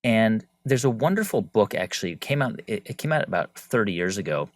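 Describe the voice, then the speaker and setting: A man speaking as a podcast guest in relaxed conversation, animated and often slipping into the voices of people he quotes. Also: fairly low pitch, fairly quick, no echo, studio quality. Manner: animated, acts out quoted speech. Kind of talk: conversational interview.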